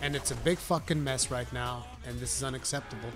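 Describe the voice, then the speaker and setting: A man giving live gameplay commentary, with brash, profane trash talk at his teammates and sudden excited shouting. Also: medium pitch, brisk. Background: game music.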